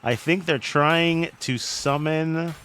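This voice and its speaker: A man casting a live online game match, excitable and jokey, often cracking up with laughter. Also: on the high side, takes it slowly. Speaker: game commentator. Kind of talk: live esports commentary.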